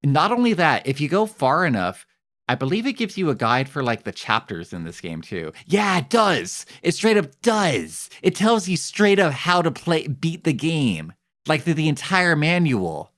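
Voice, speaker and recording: A man streaming a video game, chatting casually and getting excitable, his voice jumping up when amused. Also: moderate pace. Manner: excitable, jumps high when amused or surprised. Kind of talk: casual live-stream chat while playing a game.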